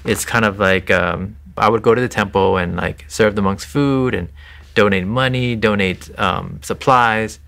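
A man's voice: fairly low pitch, unhurried, vocal fry, a bit bright. A man giving an earnest, conversational faith testimony in an interview, talking with frequent restarts and "you know". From Thai family background. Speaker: interview guest sharing his faith testimony.

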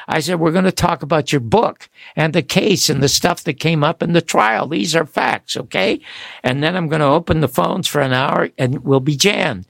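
An older man with a gravelly voice, a guest on a radio call-in show, spinning animated stories and acting out the voices of the people in them. His voice sits a touch high for a man and is recorded dry and close. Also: moderate pace, no room sound. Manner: animated anecdotes, acts out quoted voices. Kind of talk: storytelling on a radio talk show.

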